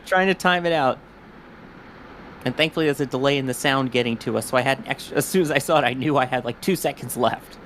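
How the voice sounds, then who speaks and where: A man's voice: mid-range voice, fairly bright tone, slight background noise. A man co-hosting a live stream, chatting casually and joking between explanations. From New York–New Jersey border. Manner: joking, chatty, quick asides. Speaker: livestream co-host.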